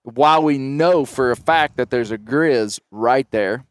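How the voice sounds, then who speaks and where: A man's voice: mid-range voice, measured pace, clean tone. A middle-aged man hosting a podcast, animatedly retelling a story in casual chat. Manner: animated retelling, acts out shouted quotes. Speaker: podcast host.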